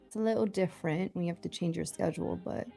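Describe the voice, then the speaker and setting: A woman's voice: fairly low pitch, gravelly, mellow, faint music behind. Playful woman host asking questions. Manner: playful, quick to laugh, drives the questions. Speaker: stream host. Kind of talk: casual chat.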